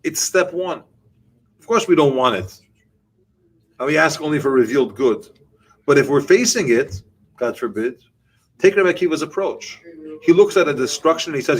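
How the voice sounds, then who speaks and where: A rabbi giving a Torah class to a group, animated and explaining through questions and answers. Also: male voice, fairly high pitch, moderate pace, long pauses, husky, poor audio.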